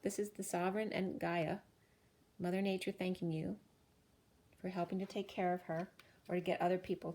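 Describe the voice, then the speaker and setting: Lower-voiced woman giving a chatty card reading. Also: darkish tone, a little hiss or hum. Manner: chatty, laughs often, emotional asides. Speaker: spiritual card reader. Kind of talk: casual spoken card reading.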